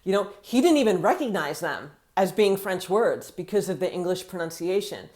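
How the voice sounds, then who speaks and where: An American woman living in France, talking casually to camera and acting out quotes in a chatty, animated way. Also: on the low side, moderate pace. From United States.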